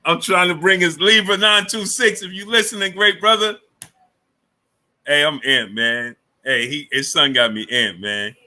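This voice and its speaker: Bright-voiced man greeting his live chat. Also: fairly high pitch, a little slow. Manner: greets chat users one after another, many fillers and repeats. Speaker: livestream sports show host. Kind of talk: casual live chat reading viewer names.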